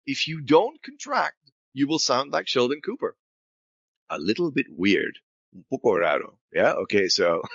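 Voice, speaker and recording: Animated man teaching grammar. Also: medium pitch, no room sound, dull audio. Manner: animated, asks and answers his own questions; switches into Spanish to explain. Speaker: English teacher. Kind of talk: grammar lesson to learners.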